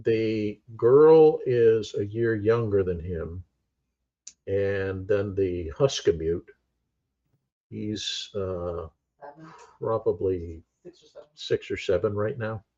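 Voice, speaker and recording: A man's voice: on the low side, fairly even intonation, drawn-out words, pauses often, warm tone. A man in easygoing casual chat, hesitant at times, on dull muffled audio.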